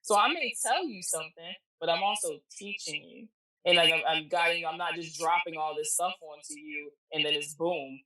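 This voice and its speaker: A woman's voice: deep voice, normal speed, pushed and bright, roomy sound, far from the mic, low-quality recording. A woman, a podcast guest and spiritual reader, telling stories in a casual, blunt way and swearing freely. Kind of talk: casual storytelling interview.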